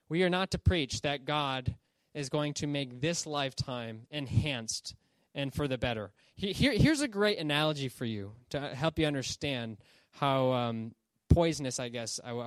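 A man's voice: medium pitch, dry recording. A man giving an informal Bible teaching, conversational and checking in with his listeners as he explains. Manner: conversational, checks in with "okay?" and "right?".

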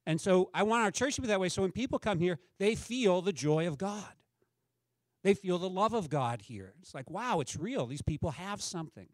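A man's voice: high-pitched, expressive, moderate pace, no echo. A middle-aged man preaching a sermon as a pastor, talking in a conversational way and asking the congregation questions.

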